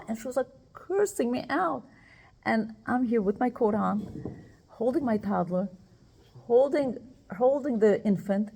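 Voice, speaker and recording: A woman's voice: on the high side, unhurried, vocal fry, long pauses, slightly rough. A woman telling a personal story to other women, retelling it with emotion and quoting the people involved. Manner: emotional, animated retelling with quoted dialogue. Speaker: speaker addressing women.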